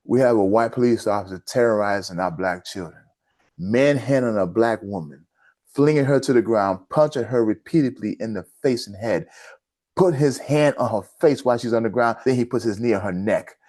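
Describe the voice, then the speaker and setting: The host of a news commentary channel delivers impassioned commentary to his viewers, full of indignation and calling his audience family. His voice is on the low side with a darkish tone, and he speaks at a moderate pace.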